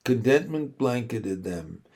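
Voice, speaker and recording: A man reading a children's novel aloud as a slow, measured narrator. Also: medium pitch, animated, a little mellow, breathy edge. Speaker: audiobook reader. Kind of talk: scripted narration.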